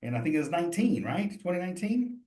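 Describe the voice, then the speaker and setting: A man's voice: sits high, very animated, fast, warm tone, roomy sound. A man leading a cheese exam study session, reasoning through quiz answers aloud in a casual, encouraging way.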